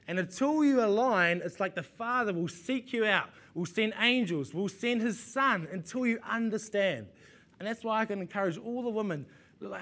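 Man, preacher, high voice, sermon, conversational, repeats words, rhetorical questions. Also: expressive, normal speed, a bit bright.

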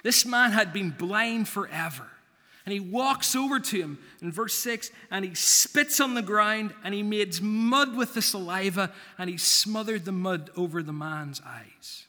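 A pastor preaching a sermon in a church, measured and deliberate, with long pauses for emphasis. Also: male voice, high-pitched, expressive, pushed and bright. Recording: long reverb of a church hall.

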